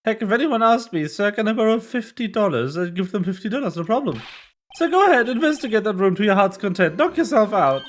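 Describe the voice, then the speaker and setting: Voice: medium pitch, sing-song, fast, voice pushed up, close to an everyday voice. A streamer voicing a jovial, boastful older male police chief in a video game, speaking in a hearty, showy way. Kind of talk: reading game dialogue aloud on stream.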